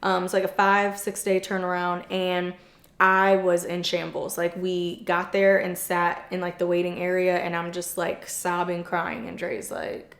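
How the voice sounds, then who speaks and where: In an echoey space, a young woman who co-hosts a podcast recounts personal experiences frankly and with lots of energy, peppering her talk with "like." Her voice sits on the low side and moves a little slowly.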